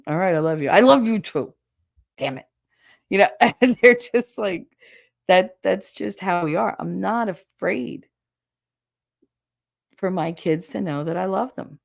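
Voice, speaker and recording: Woman, hoarse, raspy fry in the voice, casual blunt talk, swears. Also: medium pitch. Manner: blunt, warm-spoken, swears freely. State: hoarse, raw throat. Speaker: show host reading viewer comments. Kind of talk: casual solo livestream chat.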